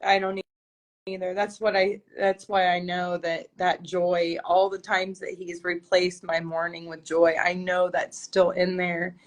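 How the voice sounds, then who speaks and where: A woman's voice: fairly low pitch, flat delivery, unhurried. Woman cohost on a faith podcast, grieving, thoughtful, kinda feels her way through words. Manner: reflective, searching for words. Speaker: podcast co-host. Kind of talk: casual faith chat.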